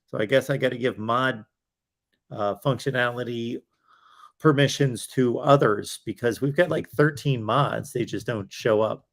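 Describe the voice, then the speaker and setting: A man's voice: mid-range voice, unhurried. A man hosting a college football livestream, talking in a rambling, chatty way, tired with his voice wearing out. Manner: rambling, chatty, with fillers and self-asides. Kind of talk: casual livestream chat.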